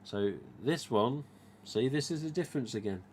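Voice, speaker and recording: Here the East Midlands host sounds medium in pitch with lively intonation and an even, moderate pace. He chats and rambles on his casual stream about his mask collection, acting out remembered dialogue, with a bit of hiss or hum audible.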